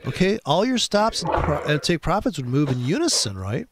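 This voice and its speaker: A man's voice: on the high side, sing-song, normal speed, noisy background. A man hosting a casual chat, telling rambling, profane trading stories full of restarts.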